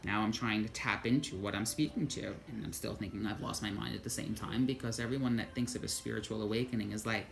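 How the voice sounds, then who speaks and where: A woman vlogger telling a personal story in an animated monologue, swearing freely and quoting her own thoughts aloud. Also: rumbling low, fast, vocal fry, few pauses.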